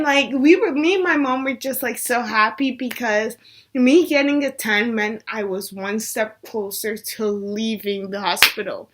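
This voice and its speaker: A woman's voice: on the high side, bright, forceful tone. A young woman vlogger telling a personal story in a casual chat, saying "like" a lot. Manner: chatty, says "like" a lot.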